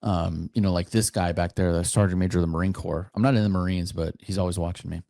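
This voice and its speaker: A man's voice: low voice, steady tone, fast talker, vocal fry, mellow, no room sound, studio quality. A man who is a soldier, chatting as a podcast guest, hesitant with many fillers. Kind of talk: casual interview chat.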